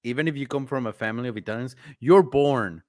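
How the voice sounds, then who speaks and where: A man's voice: mid-range voice, quick pace, darkish tone, dry recording. Sarcastic man rambling in a dry room. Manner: sarcastic, rambling with many fillers. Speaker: host. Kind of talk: casual chat.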